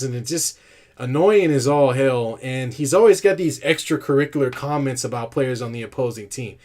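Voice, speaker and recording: Brief: male sports podcast co-host, medium pitch, animated ranting delivery. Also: normal speed. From California. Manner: animated, ranting, lots of restarts and laughs. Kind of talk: casual sports talk.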